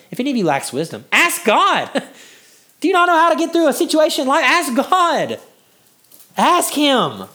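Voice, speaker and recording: A male pastor delivers a sermon with a lively, swinging pitch. He laughs often and pushes his voice higher when he gets worked up.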